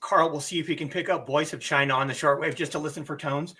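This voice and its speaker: A livestream host giving a casual lesson, speaking slowly and deliberately and often clearing their throat, a bit hoarse from a cough. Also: medium pitch, fairly even intonation, bright, forceful tone, a little hiss or hum.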